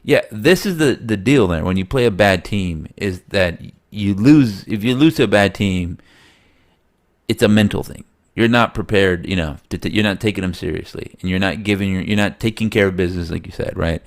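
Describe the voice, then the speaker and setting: Casting note: low gravelly male podcast co-host, a bit nasal, rambling sports talk. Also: normal speed. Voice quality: slightly nasal. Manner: rambling, animated, laughs often. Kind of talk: casual sports chat.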